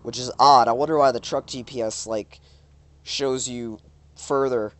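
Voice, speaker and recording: A man's voice: mid-range voice, steady tone, a little slow, a bit bright, no room sound. Guy with a stuffy nose chatting thru a truck game, dry close mic, yelps at other drivers. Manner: rambling, exclaims at the road. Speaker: gaming YouTuber. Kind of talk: casual gameplay commentary.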